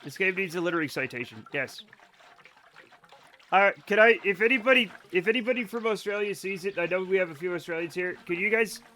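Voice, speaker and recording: A man streaming a game live, chatting casually to his viewers in a rambling, self-mocking way with sudden excited outbursts. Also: sits high, slight background noise. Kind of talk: casual gameplay commentary to chat.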